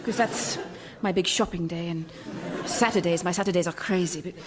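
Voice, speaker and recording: An actress playing a Swedish woman reunited with an old love, speaking in a breathy, melodramatic way that keeps rambling off track. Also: on the low side, moderate pace, a crowd in the background, background noise, lightly acted. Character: Swedish woman, a man's long-lost love. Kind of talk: radio sitcom acting.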